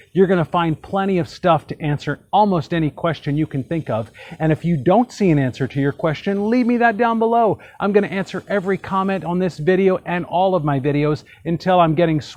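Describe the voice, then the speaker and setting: A man's voice: a little high, darkish tone, no echo. A man hosting a casual how-to tutorial, chatty and folksy, with joking asides. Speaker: hot tub channel host.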